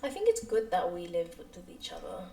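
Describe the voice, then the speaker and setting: A woman's voice: fairly low pitch, sing-song, warm tone, reverberant, far from the mic, rough recording. A young woman in her twenties co-hosting a podcast in casual chat, pushing her point with repeated questions. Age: 20s. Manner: quick agreeing backchannels, presses her point with questions. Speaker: podcast co-host.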